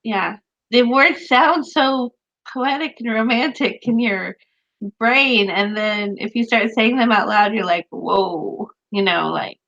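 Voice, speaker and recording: A chatty, animated woman in her thirties or forties, talking as a co-host with a slightly higher voice. She leans on fillers and laughs a lot. The recording sounds dull and lo-fi. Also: a little slow. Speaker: podcast co-host, author. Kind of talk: casual chat.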